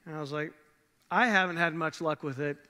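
A man playing a male fisherman disciple in the first person, telling the story in a casual, halting way, with long church reverb. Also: a little high, sharp tone. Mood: reminiscing. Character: grown male fisherman disciple, plainspoken and awestruck. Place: church sanctuary.

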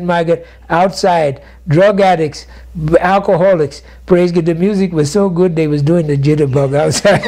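A man's voice: on the high side, mellow. An older man, a bishop, telling stories in an interview and peppering nearly every phrase with "praise God, my God.". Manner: constant refrains of "praise God, my God". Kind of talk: storytelling interview.

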